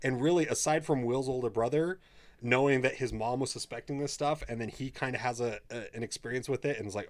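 A man talks in a loose, rambling way, full of fillers and cheerful cursing. The sound is dry and close, with no room around it. His pitch sits in an ordinary middle range. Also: fairly quick, no echo. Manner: enthusiastic, rambling, heavy swearing. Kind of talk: casual chat.

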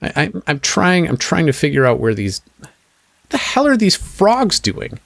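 A man's voice: fairly high pitch, wildly swooping pitch, moderate pace, gravelly, a bit bright, no echo, pitched above the performer's own voice, heavily acted. A man voicing an exasperated, indignant man who is annoyed at drunks ruining his frog watching, as a tabletop game character. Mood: baffled.

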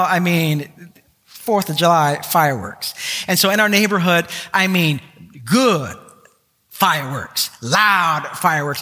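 A man preaching a sermon, telling a personal story in an animated way with self-mocking humor. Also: high-pitched. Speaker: pastor. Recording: long reverb of a large hall.

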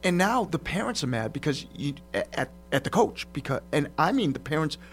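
A middle-aged man hosting a casual talk show, telling stories in a lively way. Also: a little high, moderate pace, soft background music. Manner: lively storyteller, laughs while telling. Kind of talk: casual podcast chat.

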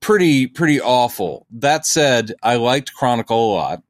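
A man's voice: mid-range voice, lively intonation, measured pace, no echo. A man co-hosting a podcast, chatting casually about comic books and acting out quotes in silly voices. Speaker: podcast co-host.

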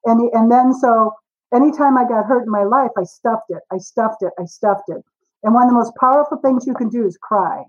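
A woman in her forties, a guest author on a podcast interview, telling stories with lively acted-out dialogue. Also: a little high, fairly quick, breathy edge, lo-fi sound. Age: 40s. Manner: animated storyteller, acts out dialogue.

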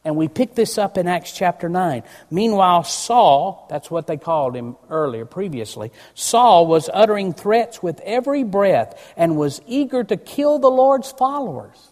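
A man's voice: sits high, very animated, normal speed, hardly any pauses, darkish tone. A man preaching a sermon, emphatic and asking his congregation questions. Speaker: pastor. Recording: long church reverb.

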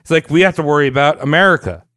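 A man's voice: a little high, very fast, pushed and bright, no echo, studio quality. A man co-hosting a casual comedic history podcast, explaining events at length with crude jokes and frequent laughs.

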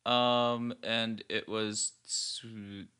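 A man answers quiz questions slowly, his voice bright and clear. He hesitates often, filling gaps with ums while he works out his guesses in a relaxed, chatty way. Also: fairly low pitch. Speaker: quiz contestant. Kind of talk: casual game chat.

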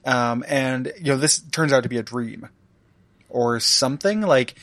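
A man's voice: mid-range voice, a little slow, a bit bright, dry recording. A man co-hosting a casual podcast, rambling with many restarts and laughing often. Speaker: podcast co-host. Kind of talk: casual chat.

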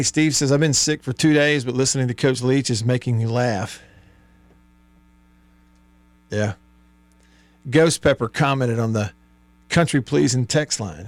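A man's voice: medium pitch, vocal fry, no room sound. A man hosting a sports talk radio show, reading listener texts aloud and chuckling often. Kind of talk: casual call-in radio chat. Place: radio studio. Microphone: studio microphone.

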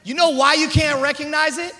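A man preaching a sermon in a church, emphatic and full of call-and-response, swinging from quiet asides to shouts. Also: very high-pitched, steady tone, a little fast. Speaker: pastor. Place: church sanctuary.

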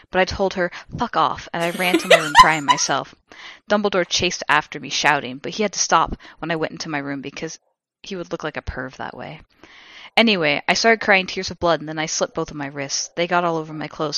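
A woman co-hosting a podcast, reading a text aloud in a deadpan comic way on a close mic. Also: deep voice, dry recording. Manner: deadpan reading broken by laughter. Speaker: podcast co-host. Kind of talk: comedic dramatic reading.

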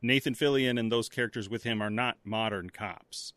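A man talking thoughtfully about films on a podcast, pausing often with fillers. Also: mid-range voice, fairly bright tone, no room sound. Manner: thoughtful, hesitant with many fillers. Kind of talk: casual movie discussion.

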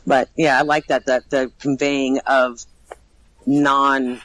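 A woman's voice: rumbling low, little pitch movement, slow pace, a bit bright, no echo, low-quality recording. A woman who trains actors for a haunted attraction, talking casually and animatedly in an interview and laughing often.

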